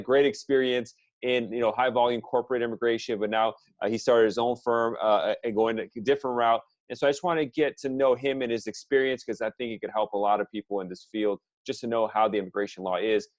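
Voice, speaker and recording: A man's voice: medium pitch, a little mellow, dry recording, muffled recording. A man hosting a podcast interview, talking in an easygoing, chatty way with lots of fillers. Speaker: podcast host, immigration attorney. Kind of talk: casual interview chat.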